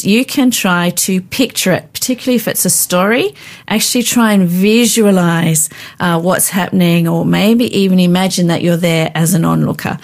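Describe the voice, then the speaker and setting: A woman with a gravelly, somewhat low voice speaks in a calm, practical teaching tone. She walks a listener through devotional habits step by step. Her delivery sounds earnest and instructive, like a conversation. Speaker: co-host teaching Bible reading. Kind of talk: casual devotional teaching chat.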